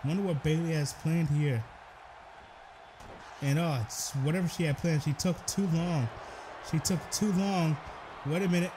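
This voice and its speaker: A young man giving excitable play-by-play commentary over a wrestling video game, breaking into shouted exclamations. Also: fairly high pitch, moderate pace, pauses often, background noise.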